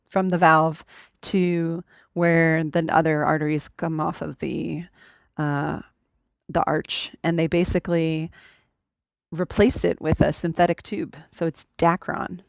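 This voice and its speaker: A woman talking in a relaxed conversation over a remote call, explaining things step by step with frequent ums. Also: low voice, slow, creaky, no echo. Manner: methodical, explanatory, with many ums. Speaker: podcast guest. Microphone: remote call recording.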